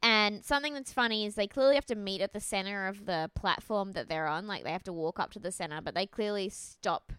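A woman's voice: medium pitch, brisk, hardly any pauses, a bit bright, clear, resonant tone, no echo. A young woman, chatting casually and laughing often as a podcast co-host. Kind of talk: casual chat recapping a dating show.

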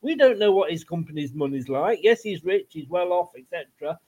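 A man's voice: on the high side, expressive, a little fast, mellow, slightly rough. A man co-hosting a football podcast, talking bluntly and swearing, with rambling asides. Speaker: podcast co-host. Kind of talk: casual football chat. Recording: dull lo-fi sound.

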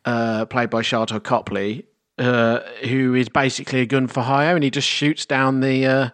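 Male podcast co-host, chatty explainer, middle pitch. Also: level tone, normal speed, a bit bright. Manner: explains plot at length, hedging. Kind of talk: casual film discussion.

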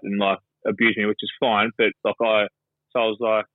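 This Australian man's voice sits on the low side with little pitch movement, and he talks a little fast. Calling in as a guest pundit, he rambles through casual sports chat, swearing and using plenty of fillers on a dry phone line with no room sound.

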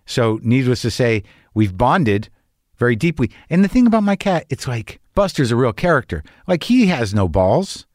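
This older podcast host delivers a rambling, profane, neurotic comic monologue with some casual conversation. Very animated yet at a normal speed, his medium-pitched voice is a little mellow, in a clean, dry studio recording.

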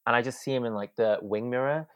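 A man's voice: mid-range voice, fast, no room sound. A young man, a podcast guest, telling a story animatedly and acting out the quotes with drama. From Wales. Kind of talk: casual storytelling.

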